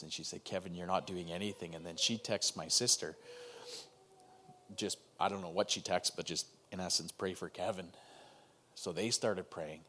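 A man in his thirties telling an emotional personal story in a conversation over a video call, halting and restarting as he goes. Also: low-pitched, steady tone, pushed and bright, a little hiss or hum.

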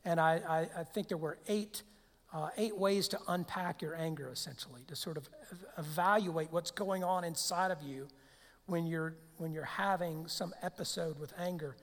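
His voice on the high side, a pastor delivers a conversational sermon at a moderate pace, asking rhetorical questions and frequently starting over. The sound rings with long hall reverb.

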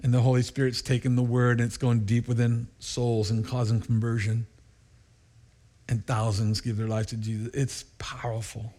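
A middle-aged pastor with a husky voice preaches a sermon at a moderate pace. He tells stories with lively energy, often laughing and jumping into high voices for quotes.

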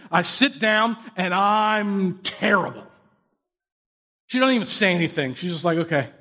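A man with a high, husky voice delivers a laid-back sermon. He tells self-deprecating anecdotes and asks his listeners questions directly.

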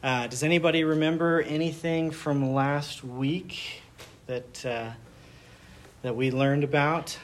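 A man with a somewhat higher voice leads a small Bible study, talking casually rather than preaching. He asks the group questions and retells scenes in everyday words, with a faint hum of the room behind him. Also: steady tone, slow pace. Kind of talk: conversational Bible teaching.

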